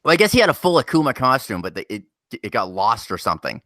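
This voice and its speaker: A man's voice: mid-range voice, sing-song, fast, a bit bright, dry recording, clean studio sound. Profane, laid-back man talking wrestling. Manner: profane, laughing, mimics people in his stories. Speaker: podcast co-host. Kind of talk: casual chat.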